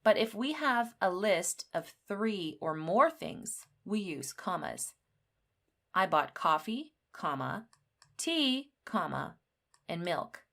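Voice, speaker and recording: Female grammar teacher, deliberate delivery, slightly low pitch, reads examples out with emphasis. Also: big pitch swings, fairly bright tone. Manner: slow, clearly spelled-out teaching; acts out example sentences with lifted pitch. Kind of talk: grammar lesson.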